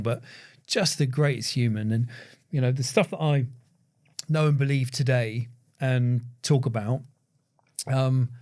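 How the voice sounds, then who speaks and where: A man, a podcast guest speaking reflectively, with many pauses, fillers and restarts. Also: medium pitch, darkish tone. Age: 40s. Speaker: podcast guest, agency founder. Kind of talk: reflective conversation.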